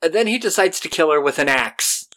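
Animated male podcast co-host. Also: a little high, a little fast. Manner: animated, acts out characters with shouted voices. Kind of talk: casual chat recapping a TV episode.

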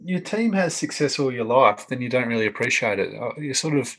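A middle-aged man with an Australian accent, interviewing in a relaxed conversation and telling animated stories. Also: medium pitch, fairly quick, low-quality recording. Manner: chatty storyteller, animated when telling anecdotes. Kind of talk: casual conversation.

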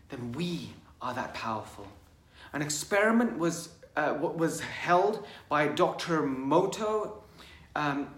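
A man's voice: a little high, fairly bright tone. Earnest man giving a motivational talk. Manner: earnest, repeats and restarts phrases. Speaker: motivational speaker. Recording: echoey room.

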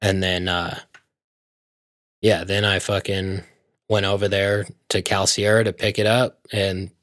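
A man with a low voice tells a story at length in a casual chat, animated and full of swearing. The sound is dry and close. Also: measured pace, no echo.

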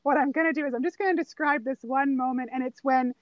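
Giggly high-voiced woman gushing. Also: steady tone, quick pace, dry recording, muffled recording. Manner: giggly, enthusiastic retelling of scenes. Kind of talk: casual chat about a favorite movie.

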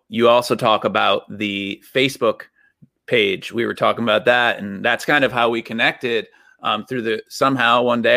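A man's voice: fairly low pitch, gravelly, bright, forceful tone, no echo, clean studio sound. A man hosting a casual podcast interview, asking encouraging questions. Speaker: podcast host.

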